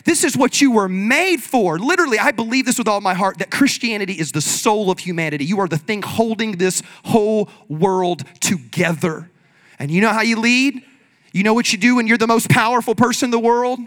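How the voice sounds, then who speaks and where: A man preaching a sermon in an energetic, conversational way, leading the congregation in call-and-response. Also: high voice, brisk. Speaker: pastor.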